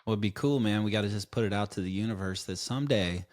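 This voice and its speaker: A man hosting a podcast in a relaxed, upbeat way, thanking his co-host and signing off to listeners. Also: fairly low pitch, fast. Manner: laid-back, upbeat sign-offs. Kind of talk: casual chat.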